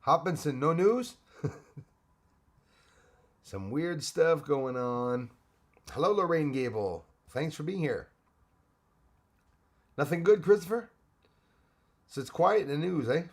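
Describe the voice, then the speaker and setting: A man's voice: on the high side, lively intonation, slow, long pauses. A man hosting a live stream, chatting casually and greeting viewers by name, rambling with frequent restarts. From Canada.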